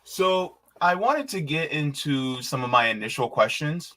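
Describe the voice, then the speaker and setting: A man's voice: on the high side, lively intonation, measured pace, sharp tone. A man hosting an interview over a video call, speaking hesitantly with many filler words and restarts. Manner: hesitant, full of uhs and restarts. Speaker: podcast host. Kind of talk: casual interview.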